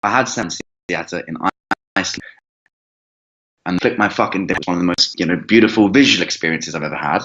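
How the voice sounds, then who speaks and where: A man telling a long personal story as an interview guest, rambling and halting, with frequent restarts and swearing. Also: low-pitched, a bit bright. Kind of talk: casual storytelling. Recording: dull lo-fi recording.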